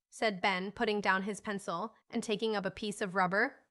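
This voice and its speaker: A woman narrating a classic children's novel as an audiobook, reading in a lively, expressive way. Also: mid-range voice, normal speed.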